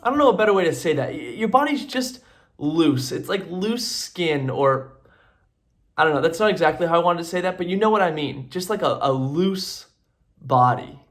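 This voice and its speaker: Hosting a comedy show, a man delivers a sarcastic, meandering monologue to camera, playing both parts of imagined conversations. His voice is slightly high, with lively intonation and a normal speed.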